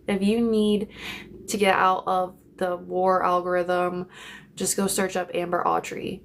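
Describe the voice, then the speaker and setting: A woman's voice: on the low side, level tone, measured pace, vocal fry, slight background noise. A young woman hosting a casual phone livestream from home, chatty and rambling, swearing freely. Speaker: livestream host. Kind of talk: casual live chat. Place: home, in bed.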